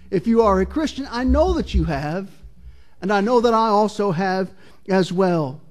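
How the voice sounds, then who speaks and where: A pastor preaching a sermon, reading scripture slowly and earnestly and asking the congregation searching questions. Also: male voice, extremely high pitch.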